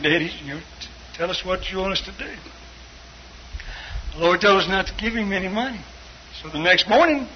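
High-voiced man telling a faith story. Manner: acts out quoted voices, shouting and tearful in spots. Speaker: guest telling a testimony. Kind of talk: storytelling testimony. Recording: dull broadcast audio with faint hiss.

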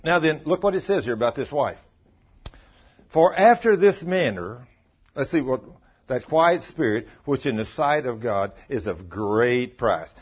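Lively preaching man, lo-fi sound. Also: mid-range voice, moderate pace, husky. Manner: animated storytelling preacher, calls out questions to the congregation. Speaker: pastor. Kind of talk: sermon.

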